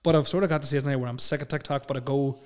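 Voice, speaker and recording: A man's voice: medium pitch, fairly even intonation, racing. A man with a Northern Irish accent co-hosting a podcast, chatting casually, laughing a lot and swearing freely. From Northern Ireland. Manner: laughs often, swears freely, lots of fillers. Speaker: podcast co-host.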